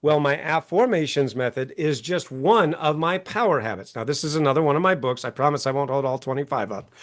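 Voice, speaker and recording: With a slightly high, animated voice and a fairly quick pace, this man is an author and coach guesting on an interview show. His animated talk is emphatic, full of acted-out quotes and frequent "right?" check-ins.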